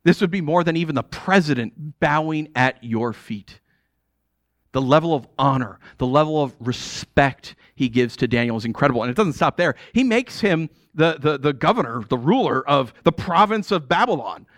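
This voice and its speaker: American male pastor, sermon delivery, casual and animated, higher voice, dry recording. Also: moderate pace, no room sound. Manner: conversational, animated, casual asides with "like" and "dude".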